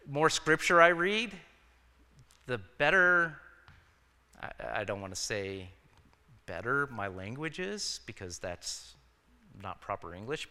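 A pastor giving a casual, conversational sermon, telling personal stories with frequent fillers and self-corrections. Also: male voice, on the high side, bright, forceful tone, clean tone. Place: church. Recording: church hall reverb.

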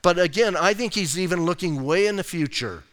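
Smooth-voiced pastor in a reverberant church. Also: male voice, sits high, brisk, fairly bright tone. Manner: casual, conversational preaching with slang asides. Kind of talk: sermon. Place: church sanctuary.

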